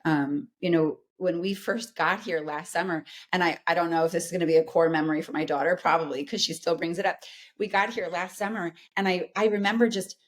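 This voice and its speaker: A woman's voice: fairly low pitch, fairly even intonation, a little fast. A woman in her forties, a psychologist, talking earnestly in a casual interview and often checking in with "right?". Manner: earnest, explanatory, frequent "right?" tags. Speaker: guest, psychologist.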